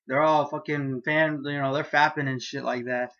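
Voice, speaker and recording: A man giving a casual manga chapter review, excitable and profane, laughing as he loosely retells scenes. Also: mid-range voice, normal speed, hardly any pauses, highs cut off.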